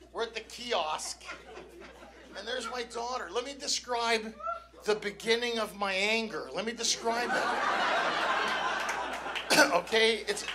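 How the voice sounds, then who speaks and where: Ranting high-voiced stand-up comic. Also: male voice. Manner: ranting, exasperated, profane. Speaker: stand-up comedian. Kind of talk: stand-up routine. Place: comedy club stage. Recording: live club crowd and room noise. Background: audience laughter.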